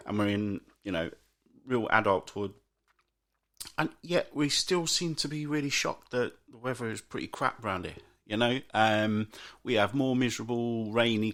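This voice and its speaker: A man's voice: mid-range voice, fairly bright tone. A British man hosting a solo podcast, chatting and ranting about everyday moans. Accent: British English. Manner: chatty ranting, mocks moaners in put-on voices. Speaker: podcast host.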